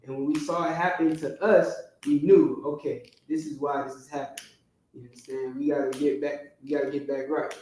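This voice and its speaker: A man's voice: a little high, flat delivery, a little fast, darkish tone, a little hiss or hum. A man teaching a class in a classroom, often stopping to check that his listeners follow. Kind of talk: classroom lecture. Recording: very echoey room, distant from the mic.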